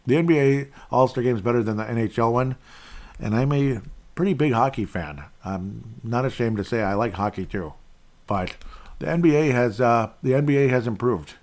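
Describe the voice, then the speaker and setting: A man's voice: mid-range voice, moderate pace, a little mellow. A man hosting a podcast, giving rambling and opinionated fan commentary in casual sports talk. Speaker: podcast host.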